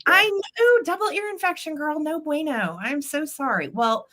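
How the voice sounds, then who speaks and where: A woman's voice: high voice, expressive, normal speed, bright, forceful tone. Bubbly woman greeting viewers. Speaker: live sale host. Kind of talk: chatty livestream greetings.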